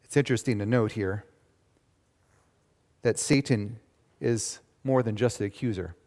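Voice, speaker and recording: A male pastor preaching a sermon in a church, with animated, emphatic delivery. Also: lowish voice, unhurried. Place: church sanctuary. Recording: long reverb of a church.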